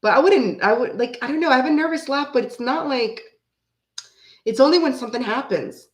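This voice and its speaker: A woman's voice: high-pitched, animated, brisk. Woman in her 40s rambling to her stream chat, laughs a lot, echoey room. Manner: rambling, laughs often while telling stories. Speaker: tarot reading host. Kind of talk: casual livestream chat with viewers. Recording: roomy echo.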